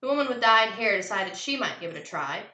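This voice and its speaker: A woman teacher reading a chapter book aloud to her class, switching into lively character voices. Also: mid-range voice, fairly quick. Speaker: fourth grade teacher. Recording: echoey room.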